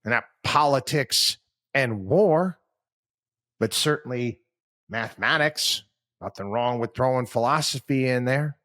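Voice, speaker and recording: A man's voice: medium pitch, unhurried, a bit bright. A man hosting a podcast, talking through his thoughts in a rambling, conversational monologue. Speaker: podcast host. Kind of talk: casual commentary monologue.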